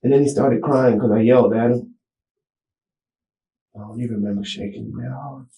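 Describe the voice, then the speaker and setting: Man, mellow dark voice, halting rambling slang, echoey small room. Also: mid-range voice, fairly even intonation. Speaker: interview subject. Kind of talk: police interrogation recording. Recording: echoey room, camera mic.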